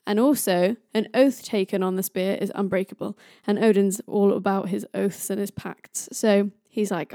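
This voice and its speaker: A woman's voice: medium pitch, steady tone, moderate pace, gravelly, hardly any pauses, dark tone, no room sound, clean studio sound. A woman retelling a myth in a chatty, playful way, who jokes about stumbling over hard names. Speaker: storyteller. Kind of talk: casual myth storytelling.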